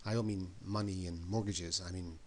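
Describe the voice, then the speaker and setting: A man's voice: low-pitched, steady tone, moderate pace, a little hiss or hum. A man giving an emphatic motivational talk, often repeating words and questions for effect. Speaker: motivational speaker.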